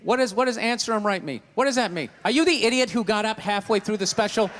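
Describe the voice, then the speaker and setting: A man's voice: high-pitched, animated, fast talker, a bit bright. A middle-aged man doing stand-up comedy, telling stories in a profane, ranting way.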